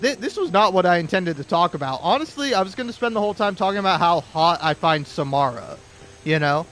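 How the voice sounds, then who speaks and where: A man's voice: high-pitched, animated, fast, fairly bright tone, slight background noise. A young man giving a rambling, profane, sarcastic commentary while playing a video game. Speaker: gaming commentator. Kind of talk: casual ranting gameplay commentary.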